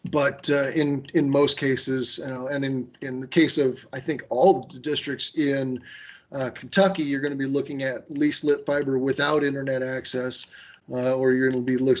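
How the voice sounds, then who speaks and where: A man runs an online training session over a video call, talking conversationally with many fillers and restarts. His mid-range voice shows little pitch movement at a moderate pace, and he gives firm recommendations.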